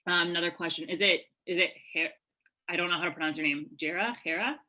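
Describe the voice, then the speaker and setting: A woman coaching attendees on a live video-call webinar, her voice bright and a touch low. She talks in an energetic, chatty way, full of fillers and quick asides. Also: low-quality recording. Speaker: webinar presenter answering questions. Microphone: webcam video call.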